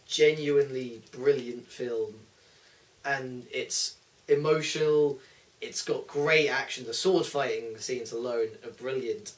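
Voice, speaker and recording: A young man co-hosting a casual film chat, teasing his friends and laughing often. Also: mid-range voice. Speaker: co-host. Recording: voice a bit far from the mic.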